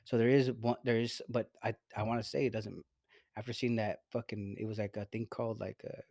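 A man's voice: fairly low pitch, little pitch movement, brisk, darkish tone, no echo. A man co-hosting a podcast in casual, profane chat, rambling with many restarts. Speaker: podcast co-host.

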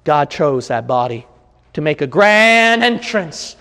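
A man preaching a sermon as pastor, building from quiet reflection into shouted crescendos. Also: a little high, sing-song, takes it slowly, in a large hall.

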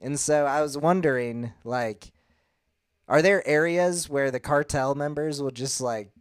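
A man's voice: fairly high pitch, unhurried, no room sound. Curious podcast man, dry sound. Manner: curious, asks questions, relaxed storytelling. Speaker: podcast co-host. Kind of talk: casual podcast chat.

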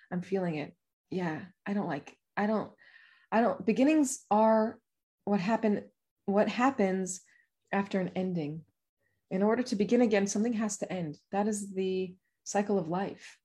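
A woman speaking quietly and haltingly while emotional, her voice softening. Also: mid-range voice.

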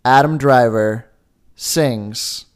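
A man's voice: medium pitch, very slow, clear, resonant tone. Young male co-host, casual and jokey, rambles through his points. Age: young adult. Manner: rambling, jokey, lots of filler words. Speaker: podcast co-host. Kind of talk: casual chat.

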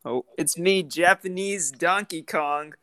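Comedy podcast bit: a player voicing a slow, crisp Donkey Kong ape. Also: medium pitch, a bit bright, no echo. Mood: deadpan.

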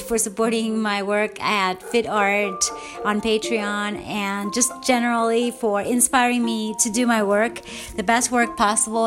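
A woman talks alone on her podcast in a casual, gushing way, often trailing into repeated wows and restarting her sentences. Her voice sits a little high. Soft music plays faintly underneath. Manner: effusive and emotional, many wows and restarts. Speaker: podcast host. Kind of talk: casual solo podcast talk.

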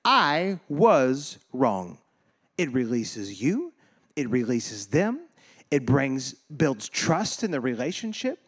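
A man's voice: medium pitch, very animated, takes it slowly, darkish tone, slightly rough. A man preaching a sermon as pastor, talking casually and animatedly, joking and laughing with his congregation, and acting out quoted voices.

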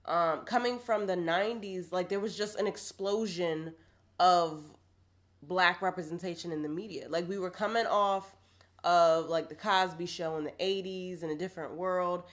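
A woman's voice: fairly low pitch, fairly even intonation, normal speed. A woman in her twenties, hungover, co-hosting a podcast in casual, slangy, laughing chat. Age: 20s. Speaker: podcast co-host.

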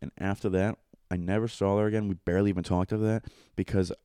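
Low-voiced fast-talking young guy. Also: fairly even intonation, dark tone, clear, resonant tone, no echo, clean studio sound. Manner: rambling, profane, full of fillers. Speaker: guest telling a story. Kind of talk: casual storytelling chat.

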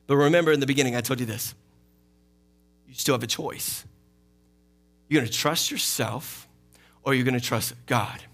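Animated pastor preaching with bright voice. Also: male voice, fairly high pitch. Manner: animated, acts out quoted voices, laughs often. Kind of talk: sermon. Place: church sanctuary.

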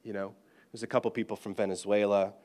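A British-born man, a pastor, telling a personal story in an animated, self-deprecating and humorous way. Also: fairly low pitch, quick pace. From Britain. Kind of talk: storytelling sermon.

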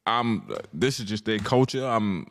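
Podcast co-host, man, East Coast, lively storyteller voice that swings high and low. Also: unhurried. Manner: animated storyteller, acts out quotes with big pitch jumps. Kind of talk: casual chat.

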